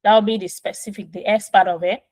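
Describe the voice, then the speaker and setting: A woman's voice: mid-range voice, steady tone, quick pace, a little mellow, no room sound, low-quality recording. Woman coaching parents step by step. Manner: patient, step-by-step explaining with frequent "right?". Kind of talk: casual instructional talk. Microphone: phone.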